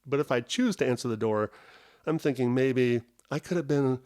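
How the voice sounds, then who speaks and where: A man's voice: medium pitch, moderate pace, darkish tone. A middle-aged man hosting a solo podcast from home, telling a story in a rambling, self-interrupting, wry and self-mocking way. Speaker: podcast host.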